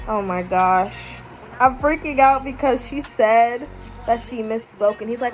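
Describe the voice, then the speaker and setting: A woman's voice: a little high, unhurried, soft background music. Chatty young woman reacting to a book. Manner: chatty, reacts loudly with gasps and laughs. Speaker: book vlogger. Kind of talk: casual reading vlog reactions.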